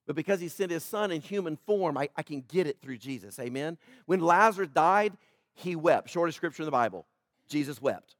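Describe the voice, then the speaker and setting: A man preaching a sermon as pastor, swinging from loud emphatic peaks to quiet, slow scripture reading. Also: fairly high pitch, no room sound, clean studio sound.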